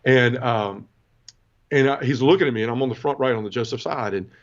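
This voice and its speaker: Earnest and emotional, a podcast guest in his forties tells the story of his conversion, often stopping and restarting as personal testimony. His delivery is fast and mid-pitched, captured in a dull, lo-fi recording.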